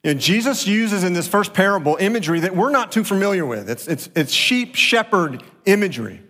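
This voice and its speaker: A man's voice: high voice, big pitch swings, brisk, sharp tone, in a large hall. A man preaching a sermon as pastor, telling stories earnestly and repeating phrases for emphasis.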